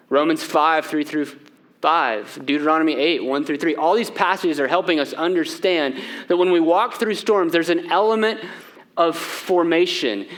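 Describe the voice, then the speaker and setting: A man pastor, preaching a sermon in a church, moving between lively, raised passages and hushed, quiet ones. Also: fairly high pitch. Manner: animated, shifting from loud to hushed. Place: church sanctuary.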